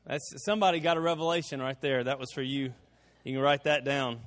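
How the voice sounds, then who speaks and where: A man preaching a sermon, telling a homespun story with repeated words and slow, drawn-out emphasis. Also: mid-range voice, fairly even intonation, a bit bright, long reverb tail. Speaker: pastor.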